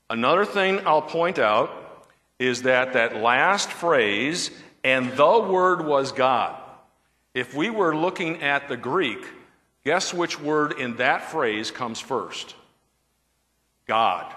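A man's voice: mid-range voice, pushed and bright, big-room sound. A man, a pastor, teaching a verse-by-verse bible study and often checking in with his listeners through questions. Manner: asks the audience questions, checks with "okay?".

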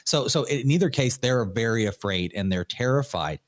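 A man's voice: medium pitch, expressive, normal speed. A male pastor in a mid-range voice discusses scripture with a colleague. He speaks casually and conversationally. He often agrees and moves the talk on to the next question. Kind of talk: Bible study discussion.

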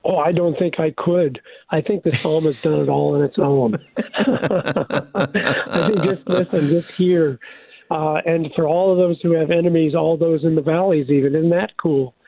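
An older male pastor calls in to a radio show, his high, gravelly voice coming through a tinny, dry phone line. He preaches in an animated way, restarting phrases as he builds his point. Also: normal speed, dry recording. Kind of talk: devotional radio talk.

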